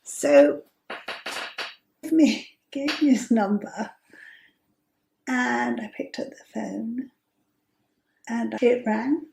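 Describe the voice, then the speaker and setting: A woman in her fifties telling a personal story as host, chatty and amused, with breathy asides. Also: fairly high pitch, lively intonation, drawn-out words, long pauses, warm tone, roomy sound, slight background noise. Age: 50s.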